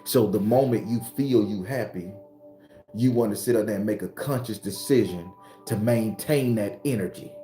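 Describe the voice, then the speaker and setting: Southern guy preaching spiritual stuff, lowish mellow voice, echoey room. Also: normal speed, faint music behind. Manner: earthy, preachy, repetitive and emphatic. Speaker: spiritual teacher. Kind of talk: spiritual talk to followers.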